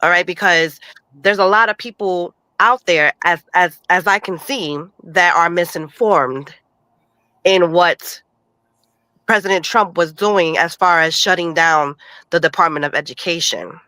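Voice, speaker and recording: A woman's voice: fairly low pitch, a little slow, bright, forceful tone, no room sound, poor audio. A woman from Puerto Rico calling into a casual chat, stuffy from a cold and insistent, often repeating herself as she argues. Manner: insistent, talks over others, repeats words. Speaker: caller joining a live chat.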